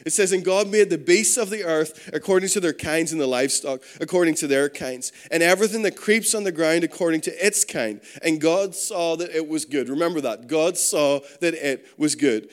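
A man preaching a conversational sermon, letting his voice drop low and quiet on key points. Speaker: pastor.

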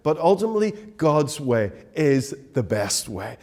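A man's voice: mid-range voice, very animated, a little slow, darkish tone. A man preaching a sermon as pastor, emphatic and repetitive, with many rhetorical questions.

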